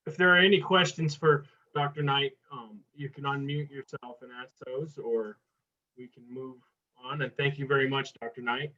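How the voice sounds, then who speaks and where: A man's voice: mid-range voice, steady tone, moderate pace, sharp tone, highs cut off. A man moderating an online meeting over a video call, brief and procedural.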